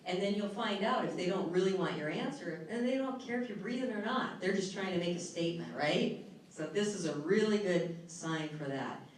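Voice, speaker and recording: A woman's voice: lowish voice, moderate pace. A middle-aged woman speaks at a live workshop, her voice soothing as she guides a breathing exercise and emphatic as she teaches. The sound is very echoey and picked up from a distance in a large hall. A faint noise runs underneath. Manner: soothing, guiding, then lively and emphatic.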